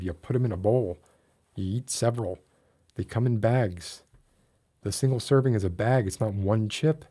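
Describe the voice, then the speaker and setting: A man with a lowish, mellow, slightly rough voice talks casually to his live audience while streaming. He puts on mock outrage, getting louder and higher as he works himself up, and laughs at his own antics.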